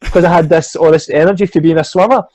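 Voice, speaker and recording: Speaking fast with a fairly high pitch, this middle-aged Scottish man, a swimming coach, keeps a steady tone that leans darkish. In a casual storytelling interview he spins a lengthy sporting yarn, cursing liberally and imitating the people in it. There's no echo.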